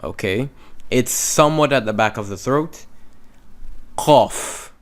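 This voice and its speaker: A man teaching beginners, explaining letter sounds slowly and checking in with "okay?" after each one. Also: medium pitch, lively intonation, a bit bright. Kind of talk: slow classroom explanation.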